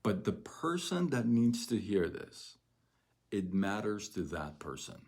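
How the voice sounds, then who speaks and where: A man with a lowish voice speaks slowly and deliberately on a livestream. He coaches in an emphatic way and keeps repeating phrases to drive his point home. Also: very animated, darkish tone, slightly rough. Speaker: network marketing coach. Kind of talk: motivational livestream talk.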